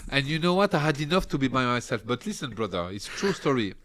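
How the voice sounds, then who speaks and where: A man's voice: mid-range voice, very animated, fast talker, fairly bright tone, a little hiss or hum. A man with a French accent telling a story as a podcast guest, laughing often and swearing freely while he acts out other people's lines. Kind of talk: animated storytelling.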